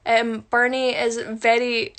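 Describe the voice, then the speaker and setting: A woman's voice: on the high side, little pitch movement, takes it slowly, fairly bright tone. Chatty self-mocking woman. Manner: chatty, self-mocking, answers viewer questions while doing makeup. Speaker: musical theatre performer. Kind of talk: casual livestream chat. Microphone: phone livestream.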